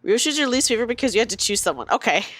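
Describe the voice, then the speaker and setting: Brief: young woman streamer, lively, slightly high voice, dry close sound. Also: rapid-fire, dry recording, faint music behind. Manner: chatty, giggly, reads game lines aloud. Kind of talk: casual game commentary.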